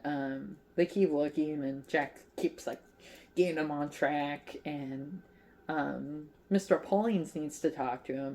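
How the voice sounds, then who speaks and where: A woman's voice: low voice, a little mellow. A woman hosting her crochet channel, casually retelling a favorite movie in a chatty, rambling way with lots of fillers, acting out the characters' lines. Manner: playful, acts out characters' lines.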